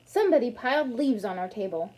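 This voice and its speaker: A woman reading aloud the lines of a firm, gruff middle-aged man of the house. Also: fairly high pitch, expressive, quick pace, mellow, natural voice. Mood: plain.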